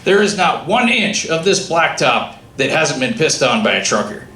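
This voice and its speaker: A man doing a stand-up comedy set, telling a story with lively acted-out dialogue. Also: on the high side, moderate pace. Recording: echoey room with faint ambient noise.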